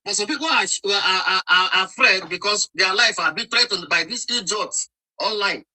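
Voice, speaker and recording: A man's voice: sits high, normal speed, sharp tone, poor audio. A man with a Nigerian accent arguing heatedly in an online live debate, scolding and repeating himself as he talks over interruptions. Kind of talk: heated argument.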